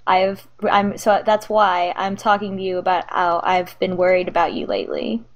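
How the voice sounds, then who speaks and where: A woman's voice: medium pitch, lo-fi sound, close to an everyday voice. Woman playing an uneasy middle-aged father, tabletop game, stumbling, hesitant phrasing. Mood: earnest worried. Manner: halting, stumbling over words.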